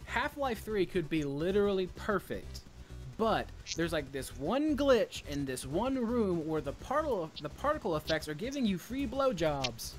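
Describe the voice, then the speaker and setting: A man in a casual chat about gaming who rambles, restarts often, and speaks bluntly with some profanity. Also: high-pitched.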